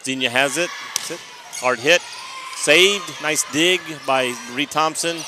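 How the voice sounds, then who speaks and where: A man calls a high school volleyball match live in a slightly high voice, rambling and chatty, often restarting his sentences. Bouncing balls and crowd murmur from the gym fill the noisy background. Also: measured pace. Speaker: play-by-play commentator. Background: gym noise, balls bouncing.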